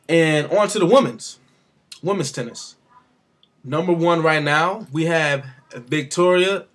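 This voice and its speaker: A man's voice: fairly high pitch, fairly bright tone, slightly rough. A man giving his casual, rambling opinions on the sport, with offhand asides. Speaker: sports commentator vlogger.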